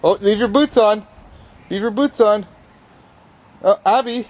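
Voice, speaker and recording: Man, high-pitched, slow and coaxing, playful baby talk, outdoor home video, handheld camcorder. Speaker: father filming his toddler. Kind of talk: home video, talking to a small child. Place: outdoors by a puddle near a garage.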